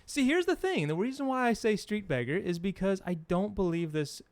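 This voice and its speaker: A middle-aged man co-hosting a podcast in casual chat, rambling through an animated story with plenty of fillers. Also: high-pitched, brisk, dry recording. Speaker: podcast co-host.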